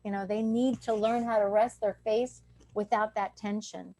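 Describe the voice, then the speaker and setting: A woman's voice: medium pitch, fairly even intonation, moderate pace, mellow. Woman dentist, lecturing over a video call; plain, explanatory delivery with demonstrated throat sounds. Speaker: dentist teaching a breathing clinic. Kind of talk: online lecture.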